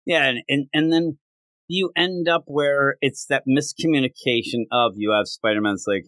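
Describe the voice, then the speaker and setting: A man hosting a casual comic book podcast, rambling and acting out bits of dialogue in quick voices. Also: medium pitch, a bit bright, no echo. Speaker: podcast host.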